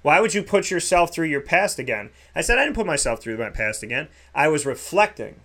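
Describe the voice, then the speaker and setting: A man's voice: a little high, expressive, fairly quick, a bit bright. A man in a casual faith talk who restarts often and repeats his words.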